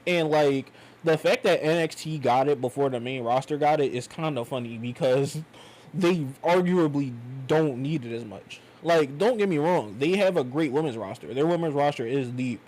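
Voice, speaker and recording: A man's voice: fairly high pitch, normal speed, low-quality recording. Slangy young man rambling a review. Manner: loose slangy rambling, animated. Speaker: wrestling reviewer. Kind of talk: casual review monologue.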